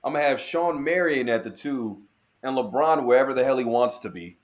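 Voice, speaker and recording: A man's voice: mid-range voice, a little fast. A man co-hosting a casual sports podcast, upbeat and playful, who also wraps up the episode. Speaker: podcast co-host.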